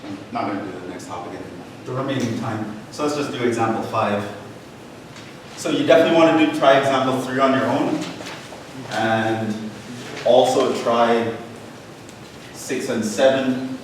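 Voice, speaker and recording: A man's voice: mid-range voice, moderate pace, pauses often. Man lecturing in a very echoey hall. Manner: casual, encouraging, talks to students directly. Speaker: math lecturer. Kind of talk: classroom lecture. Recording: very echoey hall, voice from a distance, faint noise.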